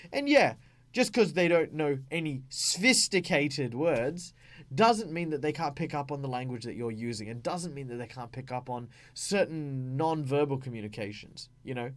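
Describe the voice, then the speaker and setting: Chatty Australian man explaining tabletop roleplay. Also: on the high side. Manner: chatty, many fillers, explains with acted examples. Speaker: tabletop gaming channel host. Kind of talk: casual explanatory talk.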